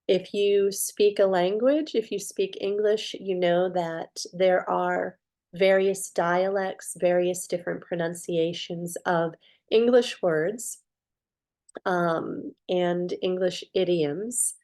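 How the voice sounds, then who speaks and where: A woman's voice: on the low side, a little mellow. A woman introducing herself as narrator of a yearly Bible reading, talking casually with fillers and restarts.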